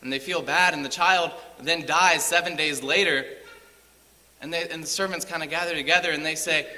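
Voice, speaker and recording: A man's voice: a little high, steady tone, moderate pace, sharp tone, big-room sound. A man preaching a sermon in a church, retelling a scripture story with rising emphasis.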